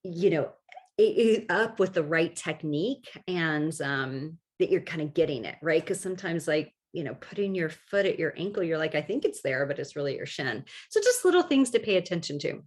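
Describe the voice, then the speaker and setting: A woman hosting her own podcast in a relaxed solo chat, her voice on the low side but swinging widely in pitch. She talks chattily and warmly encouraging, full of little asides, and pokes gentle fun at herself. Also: normal speed. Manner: chatty, self-deprecating, lots of "like" and "you know". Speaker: podcast host. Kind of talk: casual solo podcast talk.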